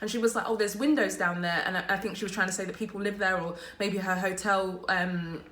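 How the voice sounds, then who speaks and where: A woman's voice: medium pitch, little pitch movement, fairly bright tone, reverberant. A woman vlogger telling an exasperated story to camera from a messy makeshift office. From abroad, living in Germany. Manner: exasperated, fast, full of "like" and "literally". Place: small makeshift office at work.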